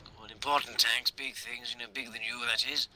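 A man's voice: medium pitch, steady tone, fast talker, pushed and bright. A man commentating a tank game in a hammy mock-posh officer manner, swearing often. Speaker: gaming commentator. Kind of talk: mock-posh gameplay banter.

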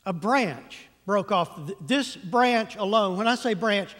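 A man preaching from a church sanctuary, spinning a funny, animated story with careful comic timing and drawn-out words. His voice sits very high for a man, and a long hall reverb trails behind every phrase. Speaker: pastor. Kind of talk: humorous storytelling sermon.

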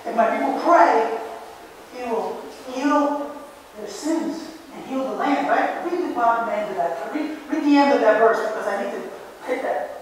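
A woman preaching a sermon to a congregation, animated and exclaiming, calling out to her listeners. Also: fairly high pitch, normal speed, slight background noise. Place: large church sanctuary. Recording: echoey church hall from far off. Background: congregation answering amen.

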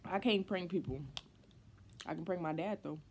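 A young woman vlogging casually to her viewers, excitable and slangy, swinging between laughter and frustration. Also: lowish voice, moderate pace, slight background noise. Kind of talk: casual vlog chat to camera.

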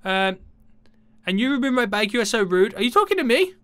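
A man giving excitable, chatty gameplay commentary to his viewers. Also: high-pitched, brisk, no room sound. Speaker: gaming YouTuber.

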